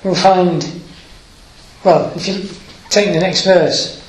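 A man's voice: high-pitched, steady tone, reverberant, poor audio. A man preaching a sermon, reading scripture aloud and explaining it with hesitant fillers, moved by the story. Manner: unhurried, emotional, with hesitant fillers.

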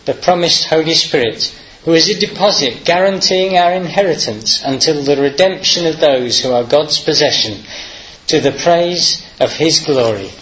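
A man's voice: fairly high pitch, moderate pace, fairly bright tone. A man reading scripture and introducing the next speaker at a church service. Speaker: service leader. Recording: muffled, noisy.

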